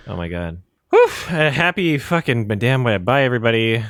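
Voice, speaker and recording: A man's voice: medium pitch, big pitch swings, moderate pace, fairly bright tone, no room sound. A man co-hosting a casual podcast, joking sarcastically and swearing between plugs. His voice swoops up and down freely. The sound is dry and close, with no room around it. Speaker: podcast co-host.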